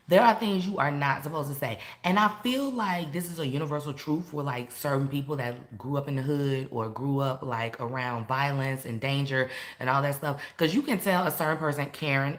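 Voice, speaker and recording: A woman in her thirties talking casually to camera, animated, laughing and swinging between loud and soft. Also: rumbling low. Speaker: vlogger.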